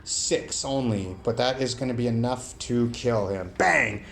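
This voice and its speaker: Solo tabletop narrator, man, gravelly voice, calls dice rolls aloud, faint hiss behind. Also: mid-range voice, unhurried. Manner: rolls dice aloud, bursts into shouted play-by-play. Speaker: solo game player and narrator.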